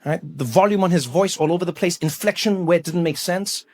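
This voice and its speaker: A male comedian doing stand-up, punchy and animated, with repeated refrains. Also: high voice, fairly quick.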